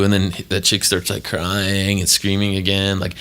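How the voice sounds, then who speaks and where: A man's voice: completely flat delivery, normal speed, a bit bright, smooth. A man, a podcast host and former tattoo artist, telling a long story in a casual, profane way and acting out the people in it. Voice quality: low voice, swears freely, acts out quoted people.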